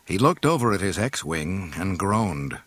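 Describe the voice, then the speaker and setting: A man reading a story aloud in an expressive, dramatic narration. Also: sits low, a little slow, dry recording. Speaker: audiobook reader.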